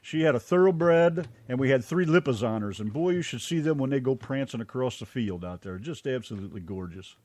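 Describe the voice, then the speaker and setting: A man's voice: mid-range voice, expressive, brisk, hardly any pauses, a little mellow, no room sound. Folksy jokey male radio host. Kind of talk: casual radio interview.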